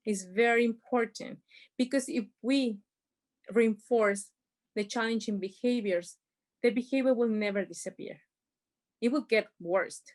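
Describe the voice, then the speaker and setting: A woman's voice: a little high, a little slow, long pauses, darkish tone. A woman giving an informal workshop talk on parenting over a video call, explaining with everyday examples in non-native phrasing. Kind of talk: informal presentation.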